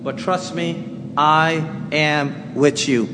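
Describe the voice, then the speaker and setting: A man voicing God as calm and patient, speaking slowly and evenly. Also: a little high, a little hiss or hum, voice pushed down. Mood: reassuring. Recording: long hall reverb, faint ambience.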